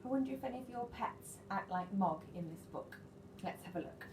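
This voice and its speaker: Lively teacher reading aloud. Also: female voice, medium pitch, moderate pace, slight background noise. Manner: animated, sing-song, asks children questions. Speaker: nursery teacher reading a storybook. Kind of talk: children's story reading. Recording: echoey room, faint ambience.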